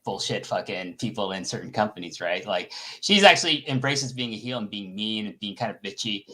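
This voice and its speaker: A man's voice: fairly low pitch, lively intonation, a little fast, sharp tone. A man speaking as a guest in a casual podcast chat, blunt and sweary and full of energy.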